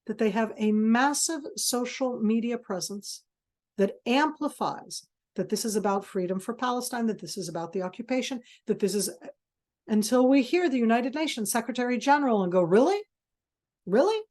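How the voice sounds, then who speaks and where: Speaking at normal speed in a slightly high, a little mellow voice, a woman delivers a passionate webinar lecture on a video call. Her manner is intense and emphatic, and she often stops and restarts while searching for the right words.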